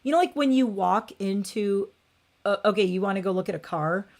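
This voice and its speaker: A woman's voice: medium pitch, lively intonation, brisk, a little mellow. A woman hosting a casual livestream, rambling and opinionated, with frequent "like" and restarts. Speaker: beauty channel host.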